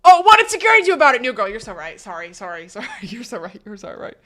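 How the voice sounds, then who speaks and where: A young woman streamer talks casually to her live chat, animated and profane as she rambles through stories. Her voice sits a little high and rings bright and forceful. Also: fast talker. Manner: animated, swearing, rambling storytelling.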